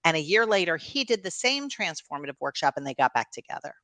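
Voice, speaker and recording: This middle-aged New York woman, a coach appearing as a guest, tells stories casually in an interview chat, laughing often and saying "you know" a lot. She talks fast in a low, sing-song, fairly bright voice, with no room sound.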